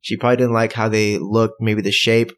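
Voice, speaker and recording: A man co-hosting a casual podcast, speaking in a measured way and asking questions to draw out explanations. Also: lowish voice, flat delivery, faint music behind. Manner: measured, asks questions for the listener.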